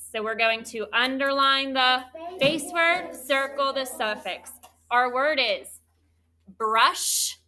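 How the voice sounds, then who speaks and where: Woman, teacher, bright crisp tone, slightly high, spells words out letter by letter. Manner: slow, clear, drawn-out letter-by-letter spelling. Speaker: third grade teacher. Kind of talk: classroom spelling lesson.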